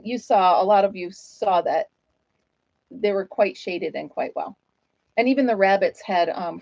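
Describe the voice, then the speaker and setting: Chatty woman host, casual live-stream chat, mid-pitched and self-deprecating, slightly dull lo-fi sound, dry. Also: vocal fry, a little mellow, no echo.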